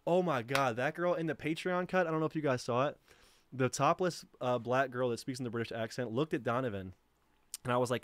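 A man hosting a casual call-in livestream, talking in a relaxed, rambling way and laughing easily. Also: mid-range voice, a little fast, no echo. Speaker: livestream host.

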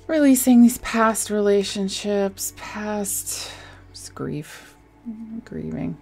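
A woman giving a casual tarot reading into a desk microphone, soft and reassuring, with sighs and small laughs. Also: mid-range voice, a little slow, creaky, faint music behind. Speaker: tarot reader.

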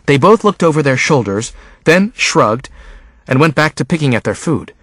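A man's voice: big pitch swings, moderate pace, fairly bright tone, no room sound. A man reading a novel aloud as scripted audiobook narration, acting out the characters' lines. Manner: acts out each character's lines with raised pitch.

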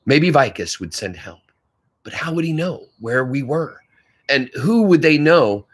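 A man's voice: a little high, big pitch swings, a little slow, breathy edge. A male teacher reading a novel aloud to his class, stopping now and then to comment on the story.

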